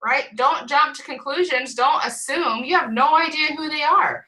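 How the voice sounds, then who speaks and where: A woman leading a team call, coaching in an energetic way, repeating points and often checking in with "right?". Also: high voice, normal speed, hardly any pauses, low-quality recording. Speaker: team leader on a group call. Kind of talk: motivational coaching talk.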